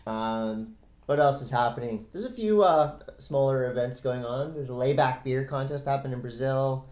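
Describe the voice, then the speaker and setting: A man's voice: medium pitch, normal speed, a little mellow. A middle-aged man co-hosting a casual podcast, loose and rambling, laughing often. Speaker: podcast co-host. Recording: roomy echo.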